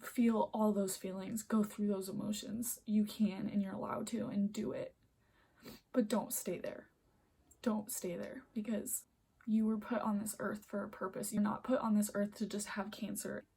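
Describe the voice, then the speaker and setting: A woman's voice: mid-range voice, level tone, normal speed, creaky, warm tone, breathy edge. A young woman vlogging at home into a phone camera, earnest and emotional, close to tears, often dropping to a near-whisper as she rambles. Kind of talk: emotional personal vlog.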